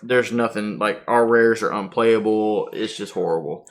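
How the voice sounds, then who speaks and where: On a podcast, a man with a lowish voice casually recounts a tournament story at a moderate pace. As host, he tells it with animation and performs each quote.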